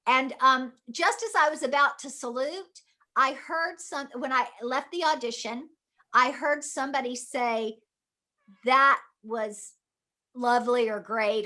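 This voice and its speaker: A woman's voice: a little high, bright, forceful tone. A middle-aged actress telling a story in an interview, acting out her own past voice and reactions. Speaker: guest actress.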